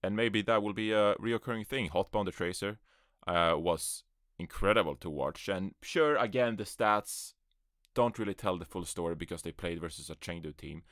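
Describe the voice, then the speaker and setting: A deep male voice, slightly bright and at a moderate pace, sounds clean like a studio recording with no room sound. Making his first solo esports podcast in a small closet with a USB mic, the host rambles offhandedly and jokes at his own expense.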